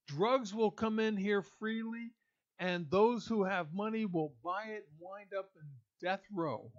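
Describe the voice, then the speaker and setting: A man giving an indignant, emphatic opinion monologue, pausing and restarting as he speaks. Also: high-pitched. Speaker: political commentator. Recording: dull lo-fi audio.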